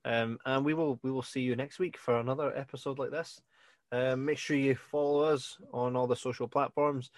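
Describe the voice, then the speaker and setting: A man's voice: medium pitch, steady tone, normal speed, no room sound. A man with a Scottish accent co-hosting a podcast, chatting casually, laughing often and swearing freely. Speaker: podcast co-host. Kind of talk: casual chat.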